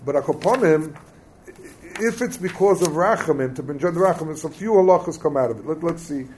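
Man, fairly high voice, Talmud class lecture, explanatory, Hebrew terms, questions to students. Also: expressive, brisk, darkish tone, a little hiss or hum. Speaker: Torah teacher.

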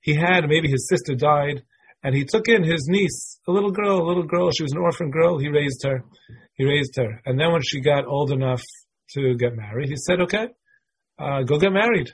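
Husky-voiced man teaching a class. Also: fairly high pitch, moderate pace. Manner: conversational, thinking aloud. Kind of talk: casual lecture explaining religious texts.

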